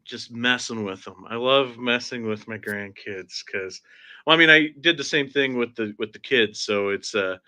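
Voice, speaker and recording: A man's voice: medium pitch, normal speed, sharp tone. A man, grandfather with a teenage son, hosting a casual livestream chat and telling playful stories. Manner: storytelling, playful, chuckles. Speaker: host.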